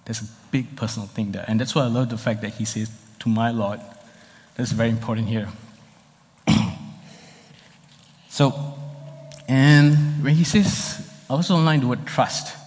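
A man's voice: mid-range voice, moderate pace, long pauses, a little mellow. A man pastor preaching a sermon in a conversational, explanatory way, heard in a church hall. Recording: long reverb of a hall.

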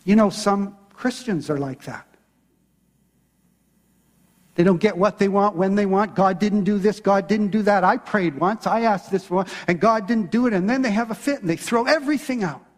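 A man's voice: sits high, moderate pace, long reverb tail. A man preaching a sermon as pastor, retelling a story with voiced quotes.

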